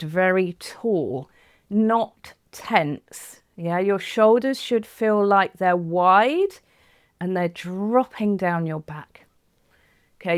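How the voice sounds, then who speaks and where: A woman's voice: mid-range voice, smooth, dry recording, studio quality. A woman voice coach talking a listener through a breathing and posture routine, guiding step by step in an encouraging way. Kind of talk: instructional talk to camera.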